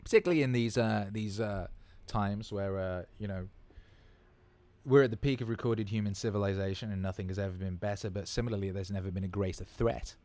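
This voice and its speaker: This casual livestream Q&A is hosted by a man in his thirties whose voice is on the low side, a little fast and a little mellow, with no echo. He rambles enthusiastically, swears without holding back, and repeats words for emphasis.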